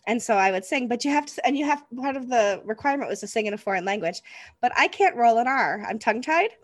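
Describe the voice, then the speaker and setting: A woman's voice: on the high side, animated, fast talker, dry recording. Chatty woman podcast host. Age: 40s. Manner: chatty, laughs often. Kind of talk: casual interview chat.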